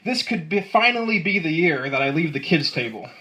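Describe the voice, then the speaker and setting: Lively young man doing stand-up. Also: on the high side, brisk, a loud crowd. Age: 20s. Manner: dry one-liners, chuckling at his own jokes. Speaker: amateur comedian. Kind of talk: stand-up comedy. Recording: live set with audience laughter. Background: audience laughing.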